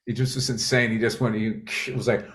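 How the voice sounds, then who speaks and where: A man's voice: medium pitch, flat delivery, brisk, fairly bright tone. A man co-hosting a podcast in casual chat, telling stories bluntly and swearing freely. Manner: blunt, profane, dry storytelling. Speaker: podcast co-host.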